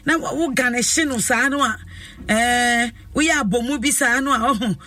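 A woman's voice: on the high side, moderate pace, bright, forceful tone, no echo, distant mic. A woman with a Ghanaian accent hosting a talk show, effusive and emphatic, stretching out her phrases. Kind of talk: lively talk show chat. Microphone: studio microphone.

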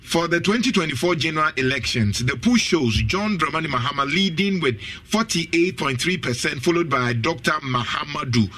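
A man's voice: a little high, lively intonation, moderate pace, hardly any pauses, bright, forceful tone. A Ghanaian man with a Ghanaian accent hosting a radio interview, reading out poll figures and questioning his guest. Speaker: radio host. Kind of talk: radio interview, mixing Twi and English.

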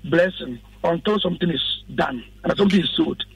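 A man's voice: a little high, brisk, vocal fry, no echo, far from the mic, rough recording. A man, a pastor speaking as a radio guest in an earnest, instructive preaching style. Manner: earnest, instructive, quotes scripture.

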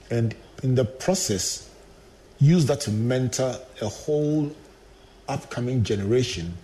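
Earnest male host, low voice. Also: warm tone, slight background noise, poor audio. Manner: earnest, framing questions at length. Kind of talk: interview conversation.

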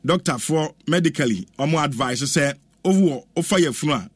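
A man with a Ghanaian accent presenting a lively radio chat, exclaiming and chanting as he reacts. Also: a little high, brisk, husky, no echo, clean studio sound. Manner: animated, exclaims and chants, mixes English with Twi.

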